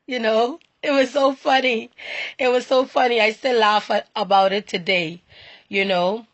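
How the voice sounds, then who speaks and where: Woman, faith talk, earnest, repeats and restarts, somewhat high, crisp bright tone. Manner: earnest and repetitive, with halting restarts. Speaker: inspirational speaker.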